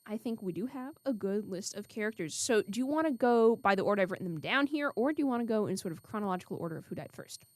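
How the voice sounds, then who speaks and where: A woman's voice: mid-range voice, animated, quick pace, hardly any pauses, dry recording. A young woman co-hosting a casual podcast chat, thinking aloud with frequent restarts. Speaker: co-host.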